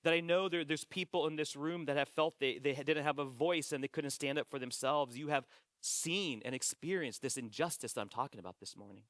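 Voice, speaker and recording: Man, pastor, sermon, earnest, repeats himself, slightly higher voice, dry close sound. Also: fairly bright tone, dry recording. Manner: earnest, repeats phrases, slows for quoted scripture. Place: church sanctuary.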